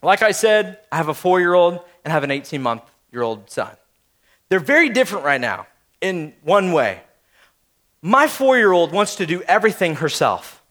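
A pastor in his thirties, with a high, slightly bright, sing-song voice at a normal speed, preaches a sermon. He tells family stories in a casual, conversational way, speaking straight to his listeners.

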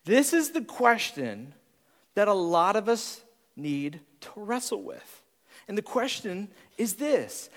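A man preaching a sermon, animated, acting out different personality types in quick voices. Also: high-pitched, in a large hall. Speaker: pastor.

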